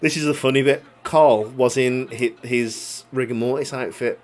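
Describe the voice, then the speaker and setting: With a steady, slightly mellow mid-range voice and a moderate pace, a young man shares a casual story. He swears frequently, laughs while he talks, and the tale centers on a grudge he holds.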